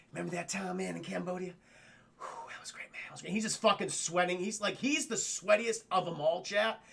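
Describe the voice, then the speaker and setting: High, gravelly male film-review streamer. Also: pushed and bright. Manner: profane, rambling, addresses chat. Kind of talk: casual livestream film recap.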